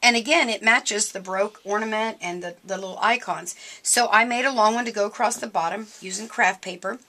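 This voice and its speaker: A woman's voice: medium pitch, fairly quick, bright, forceful tone. A middle-aged woman hosting a casual craft demonstration for a store, chatty and enthusiastic as she shows her projects.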